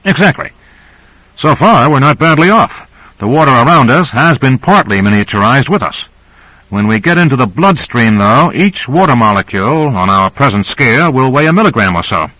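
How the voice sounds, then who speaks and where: A man's voice: medium pitch, expressive, moderate pace, bright, forceful tone, no room sound, pitched above the performer's own voice, poor audio. Guy voicing a worn out captain explaining stuff, dry sound. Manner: explanatory, lecturing. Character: weary male submarine captain, explaining patiently.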